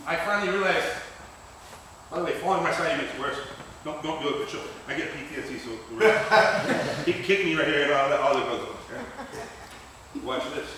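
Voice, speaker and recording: Bright-voiced man rambling in an echoey gym. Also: fairly high pitch, slight background noise. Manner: rambling, profane, laughs often. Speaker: grappling instructor. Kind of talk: storytelling while teaching technique. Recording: very echoey gym, mic far off.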